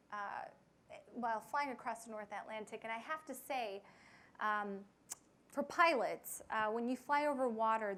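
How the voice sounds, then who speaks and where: A young woman pilot telling a flying story to an audience, with frequent fillers and lively quoted voices. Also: on the high side. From United States. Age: young adult. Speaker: pilot giving a talk.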